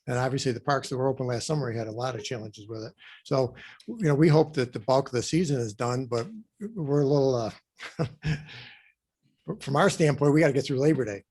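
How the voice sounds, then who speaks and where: A man answering interview questions as a guest, speaking haltingly with many pauses and restarts. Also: medium pitch, a little mellow, breathy edge. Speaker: guest, amusement park president.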